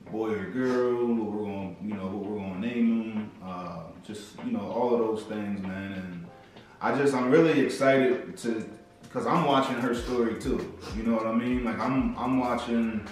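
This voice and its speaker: A man's voice: on the low side, normal speed, distant mic. A young man, the vlogger's husband, talking casually and laid-back, saying "man" a lot. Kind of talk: casual chat. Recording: echoey room, off-mic, music behind.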